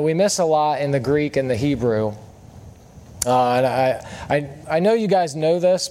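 A man's voice: mid-range voice, darkish tone. A man preaching a sermon in a friendly, conversational way, often asking the congregation questions. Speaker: guest preacher. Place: church service.

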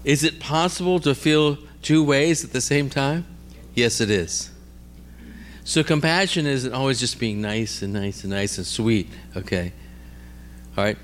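A man with a medium-pitched, lively voice speaks at an unhurried pace over a faint hiss or hum. He's a preacher teaching on healing ministry, delivering a conversational sermon full of stories and checking in with "all right?" and "amen?". As he tells his stories, he repeats and restarts words.

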